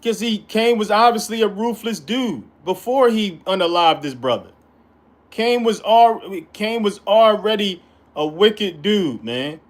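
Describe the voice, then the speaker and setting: A man with a fairly high voice reads scripture aloud and teaches it casually. He stops often to add emphatic, slangy asides of his own. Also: expressive, unhurried. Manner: colloquial, emphatic commentary between verses. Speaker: Bible teacher. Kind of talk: informal Bible study reading.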